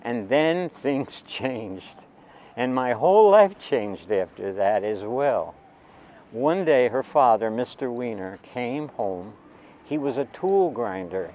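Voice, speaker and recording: A man's voice: medium pitch, darkish tone, a little hiss or hum. A man in his seventies telling a personal story in a rambling, digressive way, with asides to the listener.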